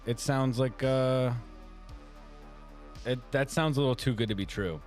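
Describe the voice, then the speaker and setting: A man's voice: mid-range voice, measured pace, faint music behind. A man co-hosting a live art stream, chatting casually, laughing often and reading viewer comments aloud.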